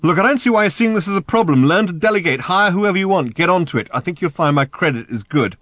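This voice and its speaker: A man voicing a brash, breezy alien who gives orders in a brisk, bossy, loud way. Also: high-pitched, animated, no room sound, voice pushed up.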